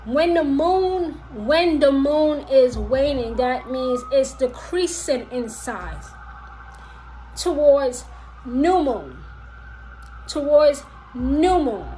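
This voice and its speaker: Slow, repetitive woman teaching witchcraft. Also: sits high, darkish tone, slight background noise, poor audio. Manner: repetitive, slow and emphatic, talks directly to viewers. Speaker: witchcraft vlogger. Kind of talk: casual spoken teaching.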